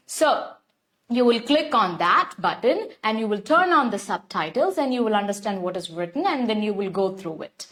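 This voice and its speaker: A young woman with an Indian English accent leads a live online English lesson, laying out steps at length, repeating herself, and greeting viewers by name. Her mid-range voice is very animated and fairly bright, at a moderate pace.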